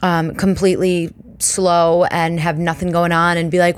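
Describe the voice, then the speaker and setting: Woman, thirties, podcast host, lowish voice, dry close sound, chatty storytelling. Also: moderate pace, few pauses, no room sound. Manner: chatty, self-deprecating, animated storytelling. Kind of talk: casual chat.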